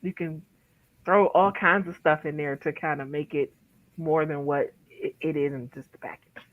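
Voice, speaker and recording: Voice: mid-range voice, fairly even intonation, moderate pace, no room sound. Friendly co-host with a slightly muffled sound. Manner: friendly, gives practical tips, rambling restarts. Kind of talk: casual livestream chat.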